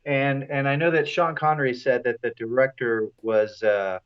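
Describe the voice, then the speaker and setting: A man joining a casual film-chat show as a guest, answering in a relaxed, brief and agreeable way. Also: mid-range voice, moderate pace, clear, resonant tone, highs cut off. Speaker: guest co-host.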